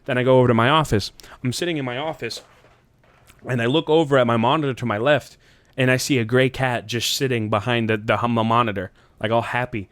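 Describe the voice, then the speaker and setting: A man on a podcast tells a rambling dream story in a smooth, clear voice. He swears freely, laughs often, and jumps up in pitch whenever he acts out what someone said. The sound is dry and close, with no room echo. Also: steady tone, brisk, a bit bright. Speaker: podcast host. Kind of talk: casual chat, telling a dream story.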